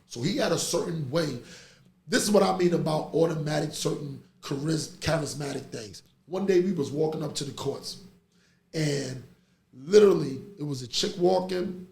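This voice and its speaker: A middle-aged man, hosting a podcast in casual chat and telling stories with animated energy. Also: fairly high pitch, moderate pace, gravelly. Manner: animated storytelling, laughs through stories. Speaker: podcast host. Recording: echoey room with faint noise.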